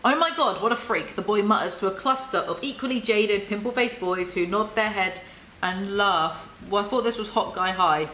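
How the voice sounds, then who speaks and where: A woman giving soft-spoken ASMR book commentary, reading passages aloud with sarcastic, wry asides. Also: mid-range voice, moderate pace, roomy sound, a little hiss or hum, rough recording.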